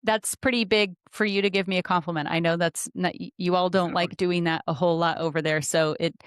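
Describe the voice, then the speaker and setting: Candid woman comedian, smooth low voice. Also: no echo, clean studio sound. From Idaho, USA. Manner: candid, quick jokes, lively asides. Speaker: comedian guest. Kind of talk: casual interview chat.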